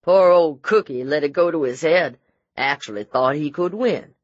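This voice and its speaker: A man's voice: mid-range voice, moderate pace, fairly bright tone, slightly rough, dry recording. A man narrating an audiobook voices a smug, menacing male sheriff who taunts and brags, on dry, slightly dull audio. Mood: mocking. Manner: taunting, bragging, condescending.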